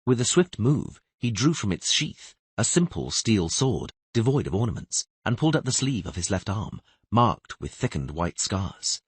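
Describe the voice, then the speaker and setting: A man narrating a fantasy audiobook in steady, expressive storytelling. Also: fairly low pitch, moderate pace, few pauses, husky, no echo. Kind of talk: scripted narration.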